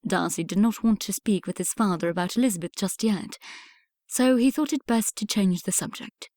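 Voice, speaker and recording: Woman reading a romance audiobook, calm and steady, dry close mic. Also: mid-range voice, moderate pace, no echo. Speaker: audiobook narrator. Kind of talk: scripted narration.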